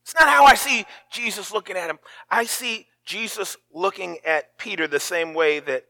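In a sermon, a male pastor speaks at normal speed in a high, sharp voice with some vocal fry. He relates the story with emotion and acts out each person's words.

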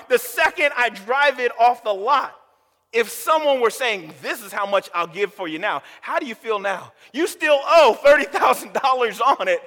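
A man's voice: very high voice, pushed and bright, big-room sound. A pastor preaching a sermon with emphasis, putting rhetorical questions to the congregation and often stumbling and repeating his words.

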